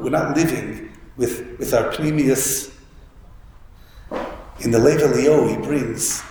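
A man tells a story in a Torah lecture, restarting phrases as he goes. His voice is gravelly and mid-pitched. The sound rings through a large hall with long reverb. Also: a little mellow. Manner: storytelling, with many restarts and Hebrew and Yiddish terms. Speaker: rabbi giving a Torah talk. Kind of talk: Yiddish-inflected Torah lecture. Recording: echoey hall with faint room noise.

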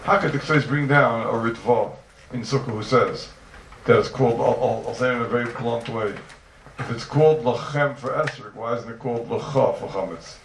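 A man teaching a yeshiva-style Talmud class to students, animated and firing rhetorical questions at them. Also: medium pitch, moderate pace. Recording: roomy, distant mic, noisy ambience.

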